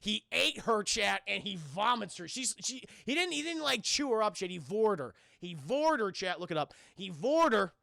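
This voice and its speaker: A man's voice: sits high, normal speed, creaky, hardly any pauses, dry recording, clean studio sound. A young man streaming a crude, joking cartoon recap, talking to his chat. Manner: animated, crude and joking, keeps addressing chat. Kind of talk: casual live-stream recap.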